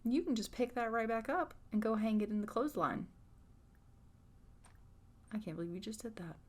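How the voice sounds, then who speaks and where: In a casual voiceover recorded after the gameplay, a woman narrates her playthrough of a life-sim game, chatty and teasingly exasperated. Her voice is a little high and darkish in tone, and she speaks at a moderate pace.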